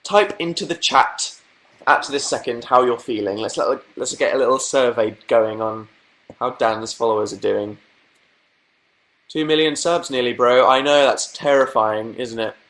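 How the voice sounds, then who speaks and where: Casting: young British guy, live-stream host, deadpan and playful, mid-range voice, talks into a webcam mic. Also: mid-range voice, normal speed. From Britain. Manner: dry, sarcastic, playful asides. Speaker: livestream host. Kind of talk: casual live-stream chat, reading viewer comments.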